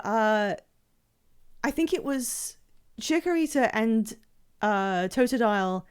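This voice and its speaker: A woman's voice: medium pitch, smooth. A woman streamer chatting casually while playing a game, rambling with many fillers and restarts.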